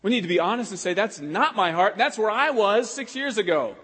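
A man, a pastor preaching a sermon with impassioned swings between loud exhortation and hushed prayer. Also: high-pitched, lively intonation, a little fast, breathy edge. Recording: long hall reverb.

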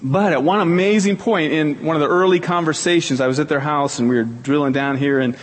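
A middle-aged male pastor preaching a sermon, telling stories earnestly, repeating key phrases for emphasis. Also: fairly quick. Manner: acts out quoted people in a higher voice. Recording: long hall reverb.

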